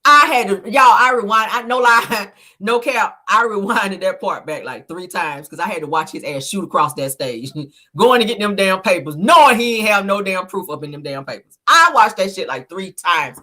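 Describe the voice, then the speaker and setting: Sassy, animated woman recapping reality TV. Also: medium pitch, normal speed. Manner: sassy, animated, laughs a lot, acts out quotes; thanks viewers for stickers mid-talk. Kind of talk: casual gossip commentary.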